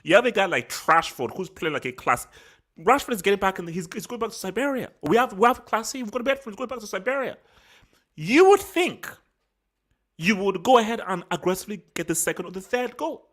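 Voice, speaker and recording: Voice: medium pitch, animated, quick pace, fairly bright tone. A football channel host giving a heated solo post-match reaction, slangy, self-assured and repeating phrases for emphasis. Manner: worked up and angry.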